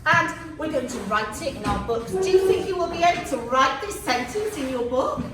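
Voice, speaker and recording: A woman teaching a class of young children, lively and full of encouraging praise. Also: high voice, normal speed. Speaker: primary school teacher. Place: large classroom. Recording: echoey classroom from far off, noisy.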